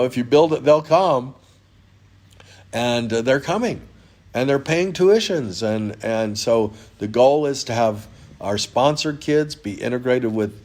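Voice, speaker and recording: An earnest man talks through his ministry news in a loose, halting way, full of restarts and fillers. His voice sits at an everyday middle pitch, and it turns tender and emotional as he speaks of faith. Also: a little mellow. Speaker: ministry leader. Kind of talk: informal spoken appeal. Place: hotel in Uganda.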